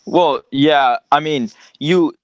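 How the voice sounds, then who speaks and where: A man's voice: fairly high pitch, slow pace, no room sound, dull audio. A man giving blunt opinions in a casual chat, with lots of filler words. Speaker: podcast co-host.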